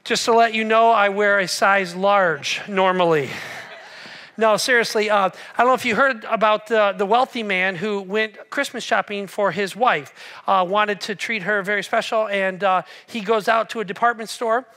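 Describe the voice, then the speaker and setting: A man's voice: high-pitched, fairly even intonation, normal speed, sharp tone. A male pastor preaching a conversational sermon, joking and asking the congregation questions.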